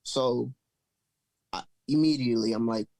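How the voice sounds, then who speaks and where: A man hosting a podcast, telling a story in a loose, animated, profane way. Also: mid-range voice, unhurried, no echo, low-quality recording. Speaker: podcast host. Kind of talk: casual storytelling chat.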